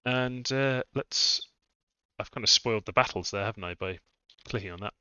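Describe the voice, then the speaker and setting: A man's voice: lowish voice, moderate pace, pushed and bright, smooth, dry recording. A man thinking aloud as he live-streams a strategy game, musing over his moves. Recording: dull lo-fi dry mic sound.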